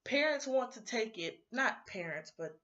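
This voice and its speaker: A young adult woman vlogger in a rambling, animated casual rant, sounding sleepy. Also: fairly high pitch, a little slow, highs cut off.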